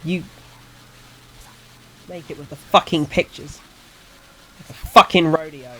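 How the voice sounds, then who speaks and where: A man's voice: on the high side, fairly even intonation, a bit bright, slightly rough. A man voicing an eerie, crude voice on a phone line that speaks with an Essex accent in a mocking, vulgar way, its sex hard to place. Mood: crude taunting. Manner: rapid, vulgar, taunting.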